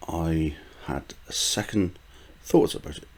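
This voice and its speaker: Speaking slowly in an extremely low voice with a breathy edge, an older man from the UK hosts a gardening vlog. His casual rambling is full of fillers, restarts and quiet chuckles.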